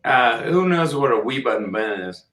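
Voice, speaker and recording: A man's voice: medium pitch, animated, moderate pace. A man chatting on a livestream, teasing the others and giggling often. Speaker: guest. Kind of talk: casual chat. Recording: echoey room, faint noise.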